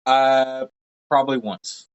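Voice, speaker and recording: A man hosting a podcast, his voice mid-pitched and easygoing as he keeps the talk on track. The sound is dull and lo-fi. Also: fairly even intonation, takes it slowly, clean tone. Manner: friendly, steers the talk. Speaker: podcast host. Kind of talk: casual chat.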